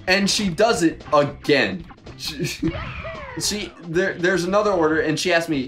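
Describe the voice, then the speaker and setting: A young man tells a work story on a podcast in an exasperated voice. His pitch sits a little high and swings widely. Faint game music plays underneath. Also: huge pitch swings, unhurried, a bit bright. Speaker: podcast co-host. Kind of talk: casual storytelling chat.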